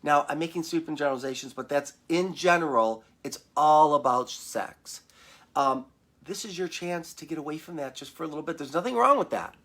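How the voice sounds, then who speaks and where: A man from Michigan, a therapist hosting a casual live talk and animatedly acting out his clients' voices. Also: a little fast. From Michigan, United States. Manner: animated, acts out client voices in a higher pitch. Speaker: therapist and show host. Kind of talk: casual live-stream talk answering viewer questions. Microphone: webcam or computer mic at home.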